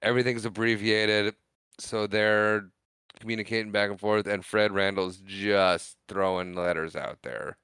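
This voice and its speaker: Male podcast co-host, low-ish, crisp and forceful, chatty scene recap, dry booth sound. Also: flat delivery, a little slow, no room sound. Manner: retells scenes with lots of laughing. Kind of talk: casual movie recap chat.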